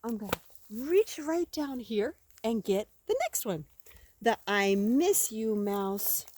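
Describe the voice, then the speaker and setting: An older woman reading picture books aloud to a child outdoors, gentle and expressive, with gasps and questions for the listener. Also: on the high side, slow, dry recording. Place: outdoors by woods.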